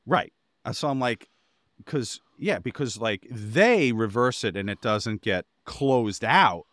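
A man's voice: mid-range voice, lively intonation, slow, a bit bright, dry recording, clean studio sound. A man co-hosting a podcast, telling a rambling anecdote in casual chat and getting exasperated as he goes. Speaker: podcast co-host.

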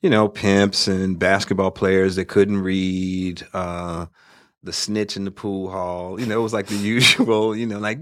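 A man's voice: low voice, measured pace, vocal fry, dry recording, studio quality. A man in his sixties, a filmmaker and comedian, telling stories animatedly in an interview. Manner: animated storyteller who slips into impressions. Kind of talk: casual interview talk.

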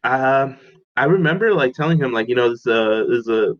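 A man's voice: medium pitch, fairly quick, lo-fi sound. A young man casually telling a story as a podcast co-host, acting out the people he quotes in a raised voice. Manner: animated, acts out quotes in a raised voice.

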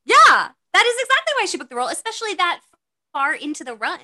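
Woman co-host, high bright voice, playful quick jabs. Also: sing-song. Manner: playful, quick interjections, laughs a lot. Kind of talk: casual chat.

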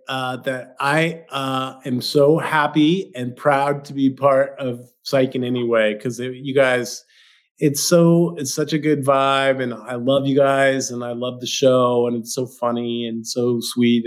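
A man's voice: medium pitch, fairly even intonation, measured pace. A man chatting as a podcast guest, rambling and laughing and often repeating himself. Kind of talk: casual chat.

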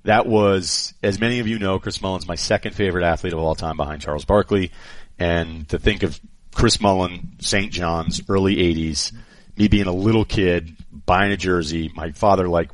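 A man co-hosting a radio show, telling animated stories and acting out quotes in a casual chat. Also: low voice, normal speed, no room sound. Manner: animated storyteller, acts out quotes.

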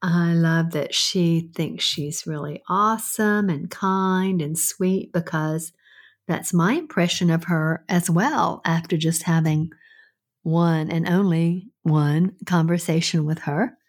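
An older woman, the host's mother, chatting casually, gentle and affirming, often murmuring agreement. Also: on the low side, takes it slowly. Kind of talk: casual chat.

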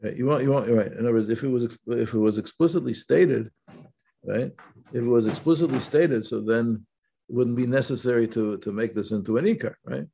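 A man teaching an informal Torah class, talking in halting phrases with frequent restarts and checking questions. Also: mid-range voice, gravelly, dark tone, slight background noise. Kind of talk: informal religious lesson.

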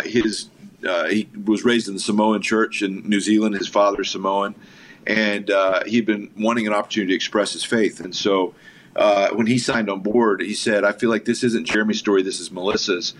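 A man with a fairly low voice chats as a guest on a talk show, spinning lively stories about his work. His delivery is casual and enthusiastic. A soft background hiss sits under the voice. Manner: enthusiastic anecdotal storyteller. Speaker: filmmaker guest. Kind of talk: casual storytelling interview.

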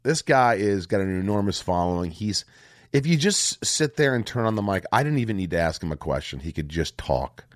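Male podcast host, deep voice, loose and joking, dry studio sound. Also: sing-song, brisk, no room sound. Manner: rambling, restarts a lot, jokey. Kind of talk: casual chat.

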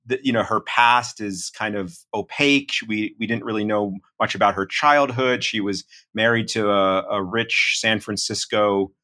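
A middle-aged man talking through a podcast discussion in a measured, analytical way, with many fillers. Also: lowish voice, fairly even intonation, pushed and bright. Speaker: reporter and podcast co-host.

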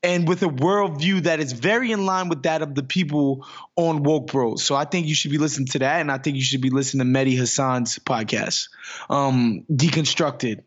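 A New York podcast co-host rants through casual chat, swearing and pitching his exclamations upward. His voice sits in the mid range with a breathy edge, moves at normal speed, and the recording sounds lo-fi.

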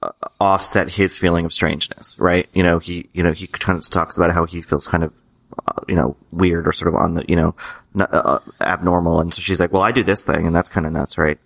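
Low voiced guy talking fast, bright edgy tone, lots of you-knows. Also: steady tone, creaky. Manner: hesitant, many restarts and you-knows. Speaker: podcast co-host. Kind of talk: casual chat.

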